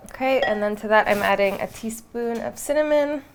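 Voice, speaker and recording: A woman's voice: fairly high pitch, fairly quick, a little hiss or hum. A young woman in casual vlog chat, talking through a baking recipe in her home kitchen and chatting to her dog along the way. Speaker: vlogger.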